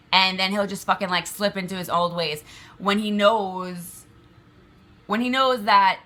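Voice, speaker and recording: This woman vlogger has a pushed, bright voice in the mid range. She rambles agitatedly and emphatically at the camera, cursing frequently and filling gaps with fillers.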